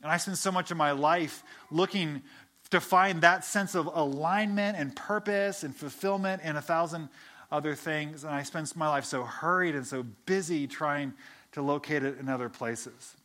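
A man's voice: a little high, moderate pace, sharp tone. Earnest man preaching a casual sermon. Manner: conversational, earnest, with frequent restarts and stammered repeats. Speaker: pastor.

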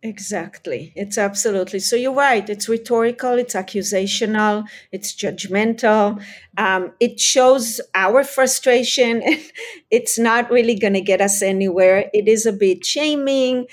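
A woman speaking as a parenting expert guest in an interview, explaining her ideas in an earnest, expressive way. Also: medium pitch, unhurried. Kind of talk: conversational interview.

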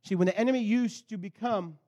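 High-voiced man preaching with fiery swings. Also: fairly quick. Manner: animated, swinging from loud bursts to low intensity. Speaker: pastor. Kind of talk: sermon with storytelling.

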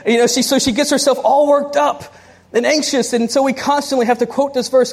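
Woman preacher, sermon delivery, animated and conversational, quick asides. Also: high-pitched, slightly rough.

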